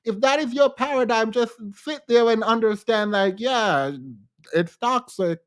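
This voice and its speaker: A man hosting a livestream, commenting with animated, incredulous rhetorical questions and repetition. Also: very high voice, unhurried. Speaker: podcast host.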